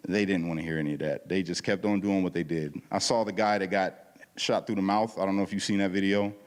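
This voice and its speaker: A man's voice: deep voice, fairly even intonation, fast talker. A man giving a casual, slangy testimony at a church service, telling his story with lots of animation and acting out the dialogue. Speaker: guest speaker at a church service. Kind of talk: testimony talk. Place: church hall. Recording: long hall reverb.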